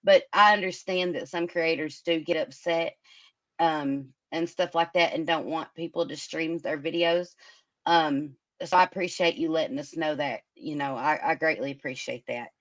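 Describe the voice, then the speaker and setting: A woman's voice: sits low, moderate pace. A woman hosting a casual livestream chat, emotional and hesitant, filling her talk with many ums. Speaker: livestream host.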